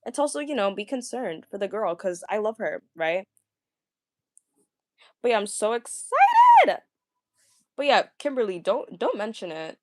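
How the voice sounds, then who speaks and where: A young woman talking casually, ranting to viewers, stammering and repeating words, with a fairly deep voice for a woman. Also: animated, moderate pace, pauses often, darkish tone, no room sound, studio quality. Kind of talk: casual rant.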